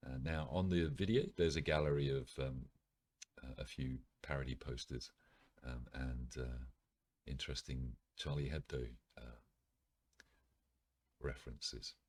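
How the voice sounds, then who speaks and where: A British man with an extremely deep, husky voice reads an article aloud as a podcast host. He stops often with ums and uhs to drop in dry, ironic asides. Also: fairly even intonation, unhurried, pauses often, darkish tone. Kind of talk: casual reading with asides.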